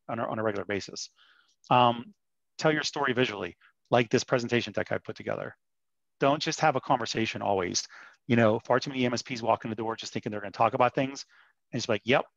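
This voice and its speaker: A man's voice: medium pitch, vocal fry, fairly bright tone, no room sound. A man presenting as a vendor in a webinar, upbeat and persuasive with frequent restarts. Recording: dull muffled dry audio.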